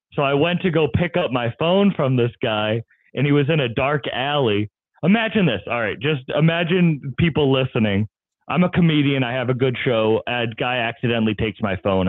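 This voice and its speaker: A man's voice: mid-range voice, no room sound. A man who is a comedian guest, telling wild stories in casual chat and laughing often. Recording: tinny phone-like line, dry.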